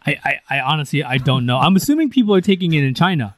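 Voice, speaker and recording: A man's voice: on the high side, big pitch swings, fast talker, a bit bright. A man co-hosting a casual news podcast, chatty and joking, with lots of fillers. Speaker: podcast co-host.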